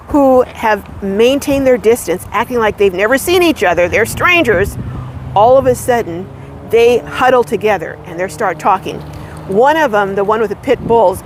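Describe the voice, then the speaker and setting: An earnest woman recounts a story to camera from her parked van, unhurried and vivid. Her voice sits at a middle pitch. Faint traffic from the street hums outside. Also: poor audio. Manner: earnest, measured, vivid retelling. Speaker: van-life vlogger. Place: parked van in a parking lot.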